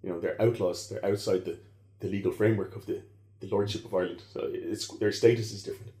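A man's voice: on the low side, fairly even intonation, fast talker, dark tone, echoey room. A man explaining history in conversation, rambling and correcting himself as he goes. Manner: rambling, self-correcting, digressive. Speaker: historian guest.

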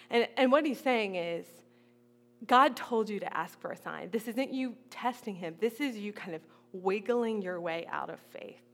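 A woman's voice: on the high side, expressive, normal speed, fairly bright tone. A woman preaching a conversational sermon, retelling a Bible story casually and playing out its figures in everyday speech.

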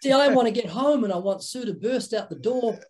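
A man's voice: very high voice, animated, fairly quick, darkish tone, slight background noise. An older man in an interview, telling anecdotes in a playful, joking way. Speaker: podcast guest, evangelist. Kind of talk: animated storytelling conversation.

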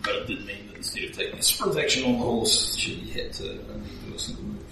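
A man's voice: mid-range voice, fast, a crowd in the background. Man running a tabletop game. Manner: relaxed, hesitant, explaining rules. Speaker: game master. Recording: distant mic in echoey room with background noise.

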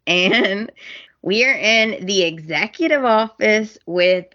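A woman recaps a soap opera at a slow, easy pace and sounds fed up with the characters. Her voice is bright. The recording sounds a little dull and lo-fi. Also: mid-range voice, expressive. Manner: unhurried, exasperated, storytelling recaps. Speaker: podcast co-host.

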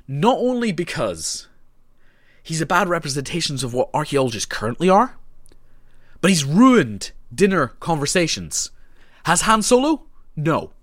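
A man's voice: fairly high pitch, dry recording, studio quality. A British man leaving a ranting, sarcastic message as a caller, exasperated throughout.

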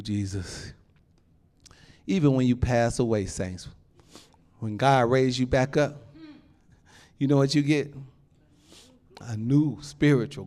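A male pastor preaching a sermon in an animated, folksy way, laughing often and calling out to the congregation. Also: mid-range voice. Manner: folksy informal phrasing.

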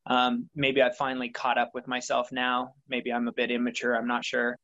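A man's voice: mid-range voice, completely flat delivery, normal speed, pushed and bright, lo-fi sound. A young adult man answering interview questions about his motivation, thoughtful and rambling with many fillers. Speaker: interview guest, triathlete. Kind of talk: reflective conversational interview.

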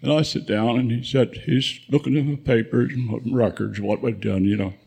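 A man's voice: mid-range voice, steady tone, moderate pace, vocal fry, dark tone, breathy edge. A man in his nineties, a veteran guest, telling rambling war memories with frequent chuckles at a live event. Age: 90s. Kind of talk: spoken war memoir.

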